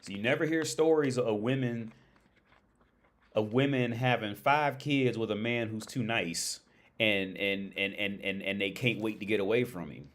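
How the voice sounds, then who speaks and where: A man's voice: fairly low pitch, moderate pace, a bit bright. A young man hosting a livestream, rambling through a casual, profane monologue full of restarts and repetition. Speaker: livestream host.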